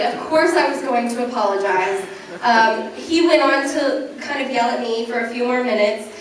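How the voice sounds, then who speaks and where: A woman's voice: a little high, slight background noise. A young woman giving a candid, self-deprecating personal talk on stage as a journalist, laughing lightly between phrases. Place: event hall before an audience. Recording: very echoey hall, mic from some distance.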